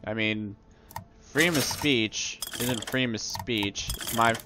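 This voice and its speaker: A man's voice: medium pitch, slow, background noise. A young man ranting and rambling while commentating on his video game play. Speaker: let's play gamer. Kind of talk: casual gameplay commentary.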